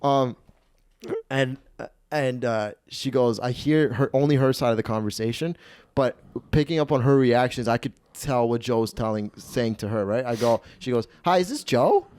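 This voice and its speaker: A man's voice: mid-range voice, steady tone, moderate pace, a little mellow, clean tone, no echo. A man in his twenties hosting a podcast, telling a rambling, profane story and acting out the people in it. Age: 20s. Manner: rambling, profane, acts out quoted voices. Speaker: podcast host. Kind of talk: casual storytelling.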